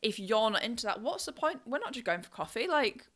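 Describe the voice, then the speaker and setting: Bright woman, blunt podcast talk. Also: on the high side, big pitch swings, brisk. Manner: frank and direct, laughing often. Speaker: podcast co-host. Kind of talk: casual podcast chat.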